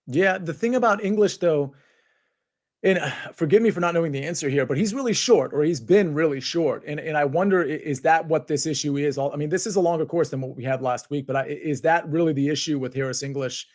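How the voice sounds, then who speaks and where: A man's voice: a little high, fast, darkish tone. A man co-hosting a golf betting podcast, easygoing and wry, tossing questions to his partner. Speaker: podcast co-host. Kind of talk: casual golf betting chat.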